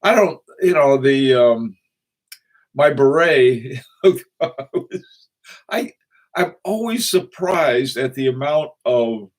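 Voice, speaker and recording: A man's voice: mid-range voice, animated. A man chats casually on a livestream, greeting viewers by name. His talk wanders and is full of chuckles, fillers and restarts. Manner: rambling, chuckling, halting with many fillers. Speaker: watch channel host.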